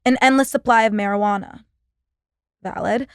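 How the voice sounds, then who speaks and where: A woman's voice: a little high, steady tone, moderate pace, clear, resonant tone, no echo, studio quality. A young woman hosting a podcast, talking in a sarcastic, profane, rambling casual monologue. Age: young adult. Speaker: podcast host.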